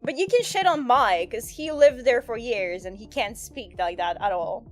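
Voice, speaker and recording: A woman's voice: a little high, lively intonation, moderate pace. A woman streaming a game who chats with viewers in a giggly, self-deprecating way, with faint game music behind her. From not American. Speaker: VTuber streamer. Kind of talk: casual game livestream chat.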